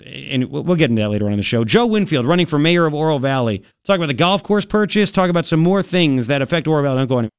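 A man's voice: fairly high pitch, no echo, clean studio sound. Brash, sarcastic talk radio host man. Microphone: studio microphone.

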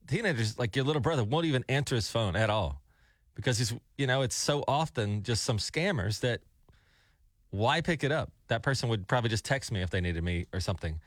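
Animated male morning radio host. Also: mid-range voice, a little fast, no room sound, clean studio sound. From Alabama. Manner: chatty storyteller, animated.

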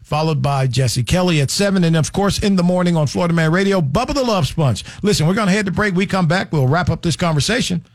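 A man's voice: sits high, animated, fast talker, hardly any pauses. A man hosting a radio talk show, taking calls and announcing upcoming shows in an upbeat way. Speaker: radio host.

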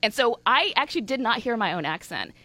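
A woman's voice: fairly high pitch, a little fast, dry recording. A woman from Alabama with a Southern accent, a news anchor chatting as a podcast guest, telling stories with frequent giggles. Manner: giggly, animated storyteller. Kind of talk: casual podcast chat.

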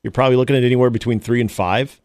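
A man's voice: mid-range voice, fairly even intonation, rapid-fire, darkish tone, clean tone, no room sound, clean studio sound. A man co-hosting a sports radio show, chatting casually and often restarting his sentences.

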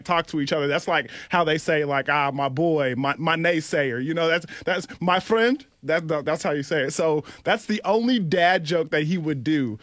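An animated man telling stories as a studio guest, excitable and quick to react. His voice sits fairly high and swings widely. The sound is dry and close. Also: dry recording. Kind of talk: casual storytelling. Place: radio studio.

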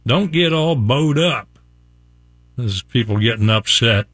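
A man's voice: medium pitch, expressive, measured pace, a bit bright, slightly rough, no room sound. An older man from West Virginia hosting a casual morning radio show, folksy and chuckling as he reads out examples. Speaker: radio host. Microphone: studio microphone.

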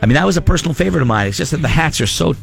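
A man's voice: a little high, lively intonation, rapid-fire, gravelly, faint music behind. A man hosting a radio show, bantering in casual, opinionated talk.

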